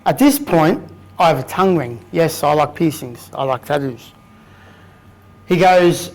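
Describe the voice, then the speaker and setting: This Australian man in his thirties is a guest speaker addressing a roomful of people, recounting his own story bluntly and candidly with casual swearing. His voice sits on the high side with a darkish tone, and he speaks at a measured pace with long pauses. The recording quality is low.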